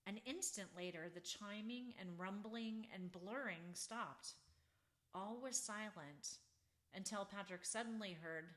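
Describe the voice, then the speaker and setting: A woman author reading her children's book aloud in an expressive, unhurried storybook manner. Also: medium pitch.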